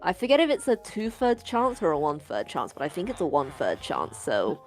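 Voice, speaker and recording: Woman, co-streamer, teasing and jokey, lowish voice, very lively intonation, soft music underneath. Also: a little fast. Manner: teasing, jokey, swoops into excited outbursts. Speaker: co-streamer coaching the player. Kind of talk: casual chat while gaming. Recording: faint music behind.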